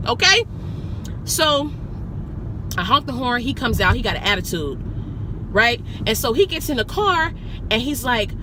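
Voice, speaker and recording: A woman vlogging as a rideshare driver, telling a story in a profane, animated, indignant way from inside a car. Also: fairly high pitch, normal speed, background noise. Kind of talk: storytelling vlog.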